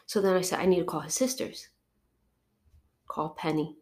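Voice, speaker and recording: A woman's voice: fairly low pitch, expressive, quick pace, darkish tone. A middle-aged woman, a podcast guest, giving an emotional personal testimony, acting out her phone calls and sniffling now and then from allergies.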